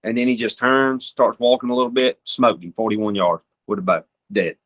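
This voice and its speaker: A young man from Georgia, a podcast guest giving hunting advice through lively stories and imitating deer sounds and calls. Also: lowish voice, normal speed.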